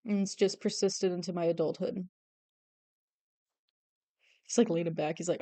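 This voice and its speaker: A young woman streams herself drawing and chats casually, rambling, putting herself down and laughing a lot. Her voice is fairly low and dark, steady in tone, at a moderate pace with frequent pauses, and there's no room sound.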